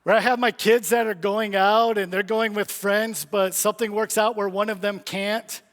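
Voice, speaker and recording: A man's voice: high-pitched, level tone, normal speed, fairly bright tone. A middle-aged man preaching a sermon in a church sanctuary, earnest and pleading, with many rhetorical questions. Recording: long church reverb.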